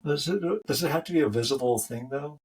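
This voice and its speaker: A man with a husky, slightly rough voice, chatting as a podcast co-host. His delivery is relaxed and upbeat as he keeps the conversation moving among friends. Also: medium pitch, quick pace, rough recording. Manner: easygoing, upbeat, runs the segments. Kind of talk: casual chat among friends.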